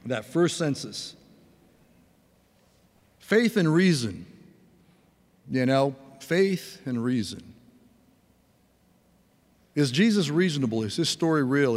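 A man's voice: mid-range voice, in a large hall. A man preaching a sermon in an earnest, conversational way, with folksy asides. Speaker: pastor.

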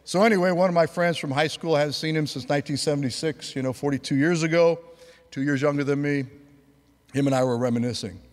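A man's voice: fairly high pitch, fast. Older male preacher in a reverberant hall. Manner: rambling storytelling, rising to fervent preaching. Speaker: pastor. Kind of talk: sermon.

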